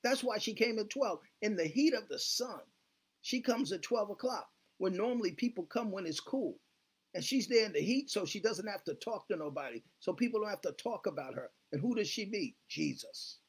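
Fervent husky-voiced man preaching. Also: high-pitched, animated, a little fast. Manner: fervent, repeats "glory be to God, hallelujah" with call-and-response. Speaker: pastor. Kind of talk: sermon.

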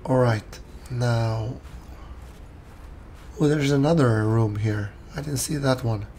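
A man with a hoarse, worn voice chatting casually while streaming a game and thanking viewers. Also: medium pitch, takes it slowly, mellow, slight background noise. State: hoarse, losing his voice. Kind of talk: casual live gameplay chat.

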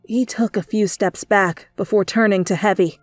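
A woman reading fanfiction aloud as a whispered role-play, telling the story softly over faint music. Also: mid-range voice, fairly even intonation, dry recording. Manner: soft, slow storytelling. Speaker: fanfiction reader.

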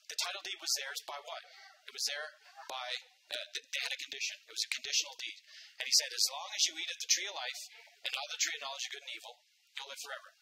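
A man's voice: very high voice, wildly swooping pitch, fast, creaky, sharp tone, slight background noise, low-quality recording. A man preaching a sermon with fervor, repeating phrases for emphasis and punctuating with "amen" and "right?". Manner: calls out "amen" and asks "right?".

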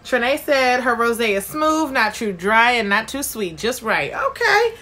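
A chatty woman hosts a live stream and reads out viewers' comments. Her voice is bright and a little high, and she talks in a bubbly, friendly way, welcoming each person by name. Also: big pitch swings, a little slow. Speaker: livestream host.

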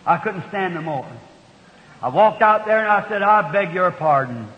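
A man in his fifties with a strikingly high voice preaches a sermon at a pulpit microphone. He tells homespun stories and then surges into loud, fervent cries. The old recording sounds dull, with a long reverberation from a large hall. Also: animated, normal speed. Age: 50s. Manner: fervent, folksy storytelling with sudden loud outbursts.

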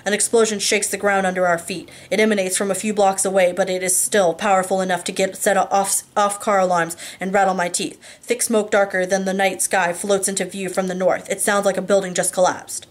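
A woman's voice: medium pitch, a little fast, hardly any pauses. Woman reading a novel aloud. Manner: steady, with small slips and restarts. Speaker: audiobook reader. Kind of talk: first-person novel narration.

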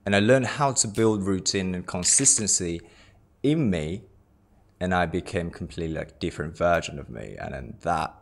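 A man's voice: low-pitched, expressive, moderate pace, vocal fry. A man in his twenties from Japan, a native Japanese speaker with a British-tinged English accent, chatting loosely about himself with repeated words and jokey asides. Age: 20s. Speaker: lifestylist introducing himself. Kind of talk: casual self-introduction talk.

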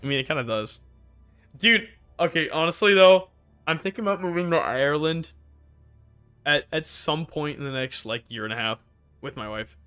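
Drunk guy rambling on stream, bright voice, a bit high, faint music behind. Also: moderate pace, clean tone. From United States. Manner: rambling, tipsy, swears freely. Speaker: gaming streamer. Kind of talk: casual chat while gaming.

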